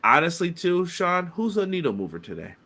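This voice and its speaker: A man's voice: high-pitched, sing-song, brisk, pushed and bright. A man co-hosting a casual podcast, chatting loosely and reading viewer comments aloud. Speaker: podcast co-host.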